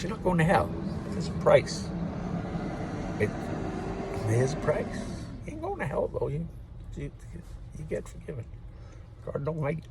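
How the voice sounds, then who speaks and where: A man's voice: mid-range voice, gravelly, a little hiss or hum. A man in his fifties giving a rambling casual monologue to camera, swearing freely and chuckling between thoughts. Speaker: vlogger.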